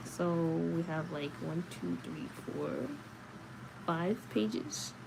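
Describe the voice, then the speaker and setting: A woman's voice: on the low side, drawn-out words, gravelly, noisy background. A woman reading a novel aloud at night and chatting casually between passages, sleepy and chatty. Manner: sleepy, chatty, answers chat comments. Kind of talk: late-night read-aloud and casual chat.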